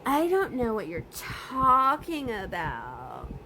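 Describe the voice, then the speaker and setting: A dismissive, smug woman playing sick, drawing out every word as she dodges the question, as a woman puts her on. Her voice sits slightly above the narrator's usual pitch and seems a little off-mic. Faint background noise runs underneath. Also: huge pitch swings, bright, forceful tone, full character voice. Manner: slow, drawn-out, evasive.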